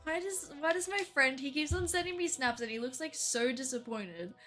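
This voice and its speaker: A young Australian woman with a strong accent chats casually to her stream audience, her voice bright and forceful. She leans on "like" a lot and keeps breaking into quick laughs. Faint music plays underneath. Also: high voice, expressive. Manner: chatty, fills talk with "like", laughs often. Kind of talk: casual livestream chat.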